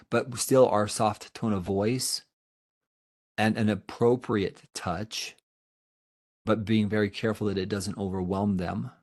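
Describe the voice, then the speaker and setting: Earnest man presenting a webinar. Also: lowish voice. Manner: earnest, emphatic repetition; answers audience questions. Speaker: therapist giving a presentation.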